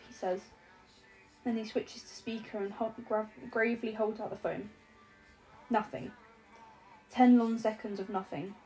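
A woman's voice: medium pitch, level tone, normal speed, mellow, faint music behind, rough recording. A woman narrating an audiobook with a wry, lightly comic delivery. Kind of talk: scripted narration.

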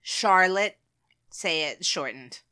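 An American woman co-hosting a podcast, chatting casually, laughing often and explaining things slowly. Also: on the low side, animated, sharp tone, clean tone. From United States. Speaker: podcast co-host. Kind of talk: casual chat.

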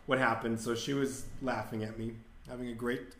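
A man's voice: medium pitch, little pitch movement, normal speed, a bit bright. A young man hosting a podcast, telling a candid, rambling anecdote with crude humor and acted-out quotes. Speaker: podcast host. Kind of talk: casual storytelling monologue. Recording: echoey room.

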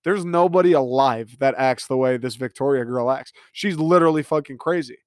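A man's voice: mid-range voice, brisk, clear, resonant tone, dry recording, clean studio sound. A man hosting a podcast, ranting in a casual, exasperated, profane way. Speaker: podcast host. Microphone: podcast microphone.

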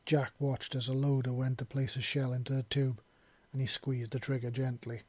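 A man reading a war story aloud, narrating and voicing the dialogue, shouting in the grief scenes. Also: medium pitch, little pitch movement, normal speed, slightly rough, dry recording.

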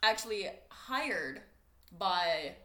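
A young woman playfully inventing a crude ghost story, giggling and pausing with ums. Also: mid-range voice, animated, a bit bright. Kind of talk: improvised comic ghost storytelling. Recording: echoey room.

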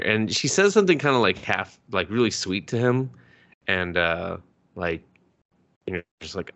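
A man casually recapping an anime episode on a podcast, excited and rambling, laughing often and swearing a lot. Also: low-pitched, normal speed. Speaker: podcast co-host.

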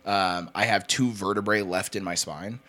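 A man's voice: deep voice, fairly even intonation, normal speed, sharp tone. A young man in his twenties, casually telling rambling stories on a podcast, swearing and laughing often. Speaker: podcast co-host. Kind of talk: casual chat.

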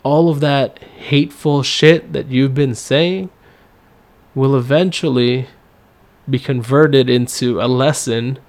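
A man's voice: medium pitch, steady tone, slow pace, darkish tone. A man hosting a solo podcast, talking casually in a rambling way with many fillers and some swearing. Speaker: podcast host.

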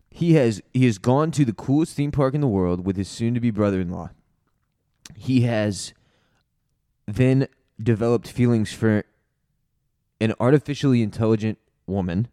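Blunt man with a low, mellow voice. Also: dry recording, studio quality. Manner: blunt, opinionated. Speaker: podcast co-host. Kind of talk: casual chat.

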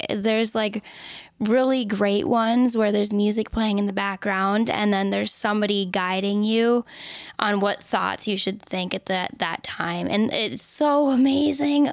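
Chatty young woman, bright voice, dry sound. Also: fairly high pitch, no echo. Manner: chatty and candid, swears, laughs often. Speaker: podcast host. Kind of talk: casual self-help podcast chat.

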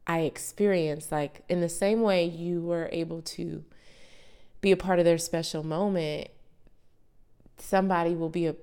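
A woman around thirty, a podcast host, tells a personal story in a chatty, animated way with asides to her listeners. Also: fairly low pitch, unhurried, clean tone. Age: late 20s to early 30s.

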